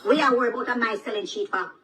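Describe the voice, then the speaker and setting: A woman with a Jamaican accent in an angry social media rant, taunting, cursing and shouting with mocking laughter. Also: on the high side, rapid-fire, distant mic, over a noisy crowd.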